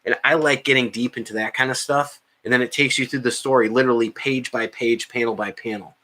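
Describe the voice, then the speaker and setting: A man with a bright, clear voice chats casually on a podcast about films. He rambles, fills gaps with "um" and starts sentences over, at an ordinary pitch. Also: steady tone, a little fast. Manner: rambling, many fillers and restarts. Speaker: podcast co-host. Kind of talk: casual chat about movies.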